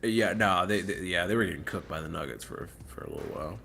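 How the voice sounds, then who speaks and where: A man guesting on a sports podcast, dramatic and expressive in casual chat. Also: sits low, fast talker, creaky, soft background music.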